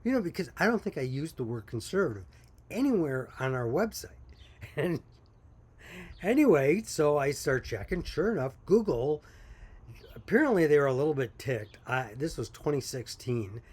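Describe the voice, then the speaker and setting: A man's voice: on the high side, very animated, normal speed, a little mellow, breathy edge. Folksy, chatty small-business man. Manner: folksy, chatty, laughs while telling stories. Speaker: coffee company owner. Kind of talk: casual storytelling to camera.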